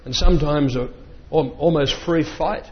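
Male reader, measured delivery with casual asides; fairly high voice, long hall reverb. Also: slight background noise. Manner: measured reading voice, breaks off for plain remarks. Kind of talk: reading a memoir aloud with spoken asides. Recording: dull lo-fi sound with long reverb.

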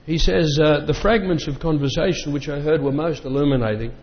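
Male reader, measured delivery with casual asides; fairly high voice, long hall reverb. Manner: measured reading voice, breaks off for plain remarks. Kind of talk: reading a memoir aloud with spoken asides. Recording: dull lo-fi sound with long reverb.

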